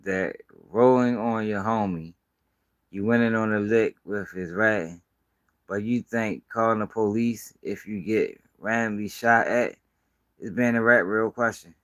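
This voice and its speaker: A man's voice: lowish voice, unhurried, a bit bright. A man from Baltimore giving blunt, profane street news commentary on a casual live stream. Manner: blunt, profane, emphatic ranting.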